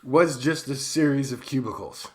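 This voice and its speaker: A man's voice: mid-range voice, normal speed. A man co-hosting a science podcast from home, rambling and searching for words in casual chat. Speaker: podcast co-host.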